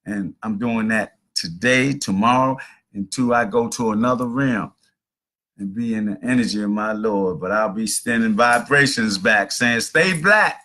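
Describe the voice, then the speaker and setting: A man's voice: lowish voice, a little slow, bright, forceful tone. A middle-aged man hosting a casual livestream from home, talking in a rambling, preachy storytelling manner. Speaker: host.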